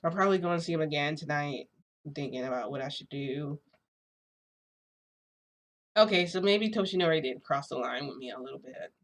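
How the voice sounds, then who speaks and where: A vlogger with a low-pitched voice talks a little fast but leaves long pauses as she tells her audience a meandering story. It's packed with "like" and punctuated by little laughs.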